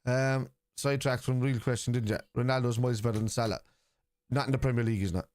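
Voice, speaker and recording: A man's voice: mid-range voice, fairly even intonation, quick pace, darkish tone. An Irish man hosting a live football watchalong stream, arguing point by point with viewers' comments in a combative way.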